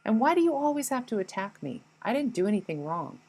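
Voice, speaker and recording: A woman's voice: on the high side, sing-song, fast, darkish tone, voice pushed up, poor audio. A woman voicing a petty, defensive inner ego that blames everyone else, whiny and indignant, with swearing. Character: petty defensive ego voice, self-pitying, blaming others.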